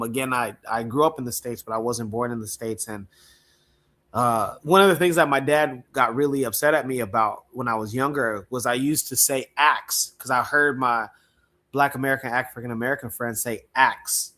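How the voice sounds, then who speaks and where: A man who speaks Swahili as his first language, hosting a podcast and chatting casually, explaining words slowly and telling stories. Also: medium pitch, bright, forceful tone. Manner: storytelling, explains slowly and carefully. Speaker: podcast host. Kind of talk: casual livestream discussion.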